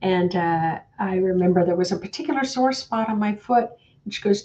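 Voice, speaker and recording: A woman who leads a guided meditation and spiritual talk as host, gently guiding and chatty, with filler words. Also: mid-range voice, moderate pace. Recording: dull lo-fi audio.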